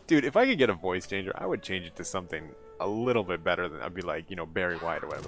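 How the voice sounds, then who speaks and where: Man, deep voice, American, live streamer, late-night casual chat, rambling, laughs a lot, tired. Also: animated, fast, a bit bright, faint music behind. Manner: rambling, laughs often, self-deprecating.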